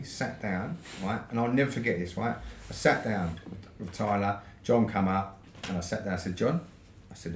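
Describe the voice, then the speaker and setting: British bloke, podcast guest spinning a casual yarn, swears a lot, lowish voice, echoey room. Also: male voice, a little mellow. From United Kingdom. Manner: swears freely, ends points with "right?". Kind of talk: casual storytelling. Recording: roomy echo with faint noise.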